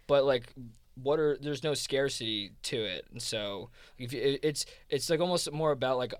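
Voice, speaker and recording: A man's voice: medium pitch, moderate pace. South jersey guy rambling in a chat, tons of likes and restarts, dry sound, no room echo. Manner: rambling, many fillers and restarts. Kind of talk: casual conversation.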